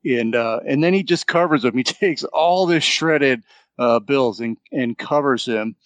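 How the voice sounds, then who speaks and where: A man's voice: medium pitch, fairly bright tone, dry recording. Man recapping a film, dry close sound. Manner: halting, full of ums and restarts. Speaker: podcast co-host. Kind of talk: casual movie recap.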